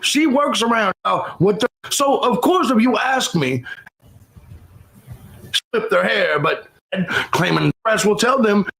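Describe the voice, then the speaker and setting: Gravelly blunt male streamer. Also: high-pitched, animated, unhurried, fairly bright tone, rough recording. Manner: blunt, profane, reads out chat donations. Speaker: livestream host. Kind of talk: casual livestream commentary.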